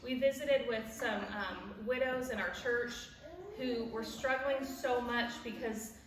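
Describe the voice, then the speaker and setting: A woman's voice: on the high side, fairly even intonation, unhurried, a crowd in the background. A woman in her forties telling a personal story at a church event, laughing as she goes and acting out the people she quotes. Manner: warm storytelling, laughs at her own stories, acts out quoted voices. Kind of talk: personal story with a devotional message. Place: church hall. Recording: echoey hall from far off with background noise.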